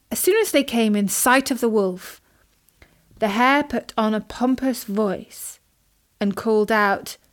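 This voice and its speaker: A woman storyteller reading a children's fable in a slow, measured, clear manner. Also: medium pitch. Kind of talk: storybook narration.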